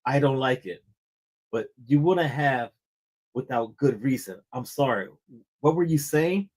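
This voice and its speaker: A man's voice: medium pitch, expressive, unhurried, a little mellow. A man voicing a brooding wealthy man apologizing to his butler, reading the lines in a subdued, plain way.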